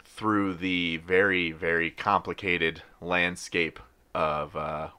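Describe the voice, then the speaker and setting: A man's voice: deep voice, level tone, slow pace, pushed and bright, smooth. A man hosting a casual podcast, talking in a wry, rambling way with offhand swearing. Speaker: podcast host.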